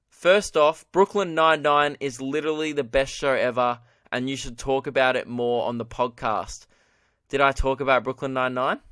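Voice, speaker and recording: A man's voice: mid-range voice, fairly bright tone, no room sound, clean studio sound. A young man hosting his own comedy podcast. He rants about his nights out, swears freely and breaks into laughter at his own lines. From Australia. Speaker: podcast host. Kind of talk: solo comedy rant.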